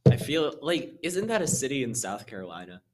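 A man's voice: medium pitch, sing-song, brisk, very noisy. A man co-hosting a history podcast, chiming in with short, easygoing remarks. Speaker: podcast co-host. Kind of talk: casual history chat.

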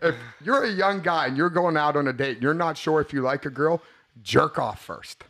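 A man's voice: on the high side, moderate pace, fairly bright tone. A man hosting a casual podcast chat, crude and rambling, who laughs often. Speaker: podcast host.

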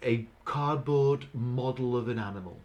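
A man, casually chatting as a podcast co-host and retelling scenes in halting bursts. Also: mid-range voice, a little mellow, muffled recording. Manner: chatty, halting, recounts scenes with quoted lines. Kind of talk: casual chat.

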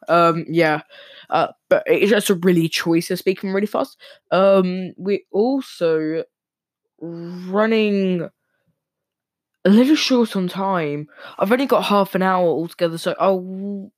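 A male podcast host talking casually and very fast, with lots of ums and restarts. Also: high-pitched, fairly even intonation, dry recording, studio quality. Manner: talks very fast with many fillers and restarts. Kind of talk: casual solo podcast talk.

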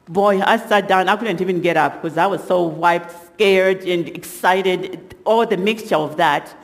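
A middle-aged woman giving a sermon testimony as guest speaker, telling stories with halting restarts and lively acted quotes. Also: medium pitch. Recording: long hall reverb.

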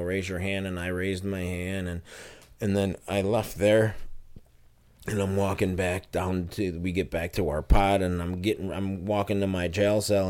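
A man's voice: sits low, darkish tone. A man telling his personal testimony in an interview, earnest and storytelling, with many fillers and restarts. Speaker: interview guest.

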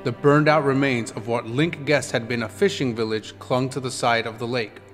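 A man reading an audiobook in a measured, descriptive storytelling manner. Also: mid-range voice, steady tone. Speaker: audiobook narrator. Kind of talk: scripted audiobook narration. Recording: long reverb with background music.

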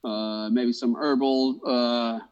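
A man's voice: medium pitch, fairly even intonation, slow pace, a little mellow, clear, resonant tone, highs cut off. A man co-hosting a podcast in casual chat, blunt and ranting with constant swearing. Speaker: podcast co-host.

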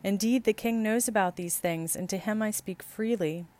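A woman reading scripture and canticles aloud in a measured, steady liturgical style. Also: medium pitch, a little hiss or hum. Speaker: scripture reader.

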